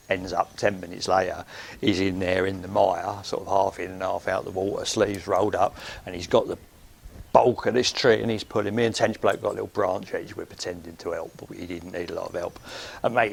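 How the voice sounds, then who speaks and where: Man, middle-aged, husky, rambling podcast storyteller. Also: sits low. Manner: rambling, chatty, with many ums and "sort of". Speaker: podcast host. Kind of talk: anecdotal storytelling.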